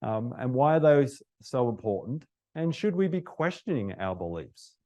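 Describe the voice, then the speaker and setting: A man's voice: medium pitch, very animated, moderate pace, mellow, lo-fi sound. Polite man moderating a panel. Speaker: host, real estate agent.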